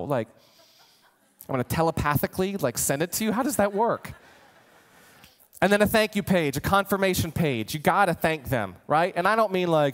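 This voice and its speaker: A man giving an energetic marketing training talk, animated and acting out imagined customers. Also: fairly high pitch, fairly quick, big-room sound. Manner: animated, voices imagined customers, gets worked up. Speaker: marketing coach.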